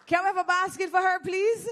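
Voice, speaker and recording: A woman's voice: very high voice, little pitch movement, moderate pace, fairly bright tone. Playful Jamaican woman hosting a giveaway. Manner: playful, teasing, exclamatory. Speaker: event host. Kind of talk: lively audience giveaway hosting. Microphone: handheld microphone.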